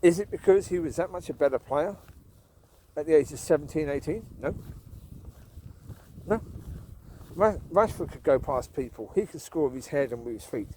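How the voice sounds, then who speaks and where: A man's voice: fairly high pitch, lively intonation, normal speed, long pauses, mellow, slight background noise. A man chatting casually while walking outdoors at night, opinionated and repeating his points, often chuckling. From United Kingdom. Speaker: vlogger. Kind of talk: casual walk-and-talk chat.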